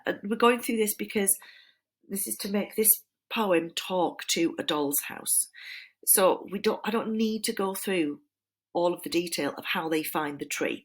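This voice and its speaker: A woman teacher giving a recorded lesson, chatty and informal with asides. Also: mid-range voice. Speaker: literature teacher.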